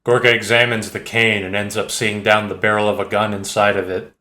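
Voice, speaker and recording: A man reading an audiobook in a steady, measured narration. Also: fairly low pitch, reverberant. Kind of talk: scripted narration.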